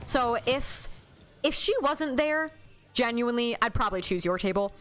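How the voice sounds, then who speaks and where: A woman's voice: fairly high pitch, animated, moderate pace, a bit bright, a little hiss or hum. A woman chatting casually as a guest on a livestream, talkative and laughing often. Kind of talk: casual chat. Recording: clear background music. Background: music playing.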